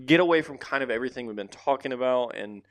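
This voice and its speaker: Podcast host, male, smooth voice, dry close-mic sound, loose rambling delivery. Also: mid-range voice, fast, no room sound. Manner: loose, rambling, drops casual fillers. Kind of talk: casual solo podcast talk. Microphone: close to the microphone.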